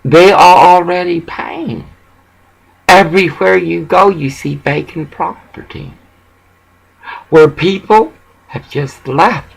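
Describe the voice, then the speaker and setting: Brief: man, raised pitch, gravelly, agitated rambling rant. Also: slow pace, pauses often, rough recording. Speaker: vlogger ranting about local grievances. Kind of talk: rambling angry monologue.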